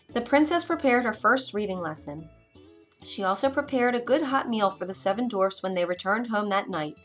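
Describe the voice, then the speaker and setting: A woman reading a fairy tale aloud in an expressive, dramatic storybook manner. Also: mid-range voice.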